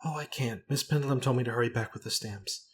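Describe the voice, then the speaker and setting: A man voicing a timid, frightened young female companion who speaks softly and tearfully, hesitating as she goes. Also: mid-range voice, fast, pitched above the performer's own voice, lightly acted.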